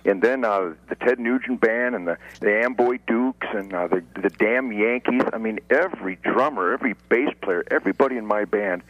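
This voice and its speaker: A man in his sixties from Detroit, talking as a guest on a radio show in a brash, boastful way, with rapid rants that break into sudden shouts. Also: on the low side, dry recording, highs cut off. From Detroit, USA. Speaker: guest musician. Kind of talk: radio phone interview. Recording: radio broadcast.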